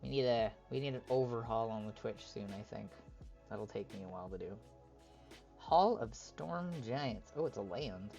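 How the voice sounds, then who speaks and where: A man's voice: on the low side, brisk, gravelly, faint music behind. A man on a live stream, chatting casually and reading card text aloud as he opens packs. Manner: reads card text aloud in a relaxed running commentary.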